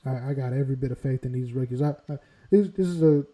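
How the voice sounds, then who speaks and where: A man's voice: mid-range voice, fast, warm tone, poor audio. A man hosting a casual sports podcast, upbeat and laughing often as he banters. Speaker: podcast host.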